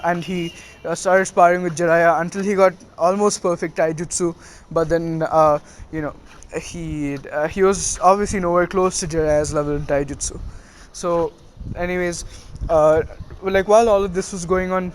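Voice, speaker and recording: A man casually retelling a fan story, halting with many fillers and restarts. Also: fairly high pitch, slight background noise.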